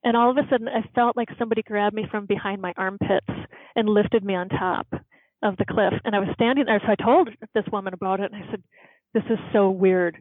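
A woman's voice: medium pitch, quick pace, dry recording. Woman telling a story over a tinny line. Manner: earnest, animated storytelling with laughs. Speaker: podcast guest, doctor. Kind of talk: storytelling in an interview. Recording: tinny phone-like line, dry.

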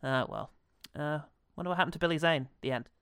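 A man's voice: fairly high pitch, fast talker, creaky, heavy background noise. A man co-hosting a podcast in casual chat, playful and sarcastic, laughing often. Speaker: podcast co-host.

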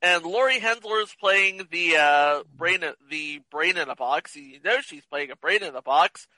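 A man joking casually through a movie commentary with quick asides. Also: on the high side, sharp tone, no room sound, rough recording. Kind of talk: casual commentary over a film.

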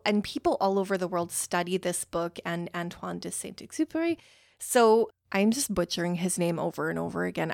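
A young woman hosting a casual book-review podcast, talking in an excitable, rambling way full of "like" fillers and getting easily worked up. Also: medium pitch, no echo, clean studio sound. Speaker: podcast host.

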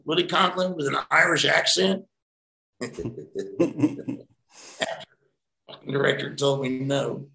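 A middle-aged man with a gravelly edge, telling loose, profane stories from his acting career. His voice rings a little in a reflective room, and he talks in a casual, digressive way. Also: medium pitch, roomy sound, rough recording. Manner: rambling, profane, animated anecdotes. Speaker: actor, interview guest. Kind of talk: casual storytelling interview.

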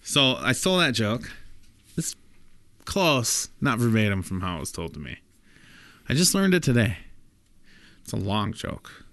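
A man co-hosting a podcast, casually telling a long joke and acting out the characters' lines with jumps in pitch. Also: big pitch swings, measured pace, pauses often, fairly bright tone, slight background noise. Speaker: podcast co-host.

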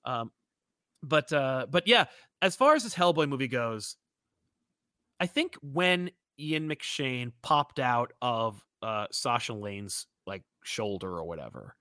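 A man's voice: medium pitch, expressive, slow, bright, forceful tone, no room sound, clean studio sound. A man co-hosting a casual movie chat, rambling and profane, full of fillers and restarts.

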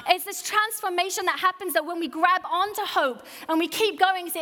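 A woman's voice: extremely high pitch, normal speed, hardly any pauses, sharp tone. A woman pastor preaching a sermon, earnest and building with repeated phrases. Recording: hall reverb.

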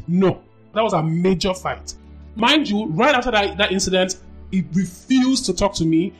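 A woman shares her story as a podcast guest, talking with lively emphasis and doubling back on her words. Her voice lifts sharply when she acts out what she once said. Faint music sits low underneath. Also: moderate pace. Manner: animated, emphatic, acts out quoted dialogue, repeats phrases. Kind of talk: candid personal storytelling.

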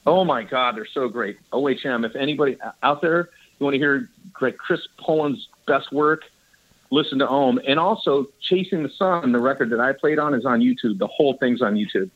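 A man's voice: mid-range voice, fairly quick. Enthusiastic rambling man, lo-fi sound. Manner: rambling, enthusiastic, laughs often, says dude. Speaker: guest bass player. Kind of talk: casual interview storytelling. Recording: dull lo-fi audio.

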